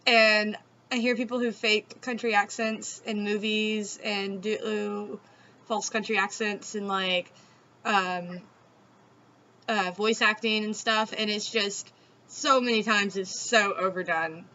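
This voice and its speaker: Her medium-pitched voice stays steady and unhurried, bright and forceful, with a little hiss or hum in the background. She's a Southern-accented host from the Southeastern United States, chatty and giggly, swearing freely in a casual talk captured in dull lo-fi sound.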